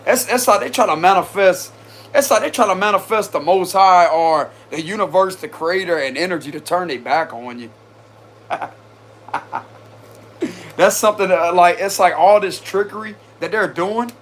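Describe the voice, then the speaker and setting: A man's voice: high-pitched, slight background noise. A man giving a casual tarot reading, chatty and slangy, talking straight to his viewers and often breaking into laughter. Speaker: tarot reader.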